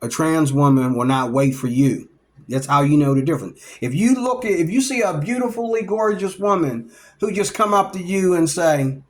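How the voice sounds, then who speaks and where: A man vlogging in a casual storytelling monologue, lively and acting out the people he talks about. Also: fairly high pitch, normal speed. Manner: animated, acts out the people he describes.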